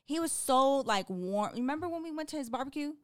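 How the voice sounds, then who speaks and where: A woman's voice: sits high, brisk, no room sound, clean studio sound. A young woman with a Texan accent, co-hosting a podcast in casual chat and telling stories with playful teasing. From Texas. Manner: animated storyteller, playful teasing. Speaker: podcast co-host.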